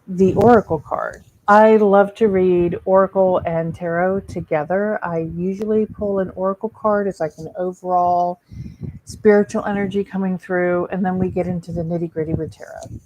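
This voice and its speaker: Chatty woman with a mellow voice. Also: mid-range voice. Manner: chatty, gushing, casual swearing. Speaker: psychic medium. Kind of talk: casual weekly card reading.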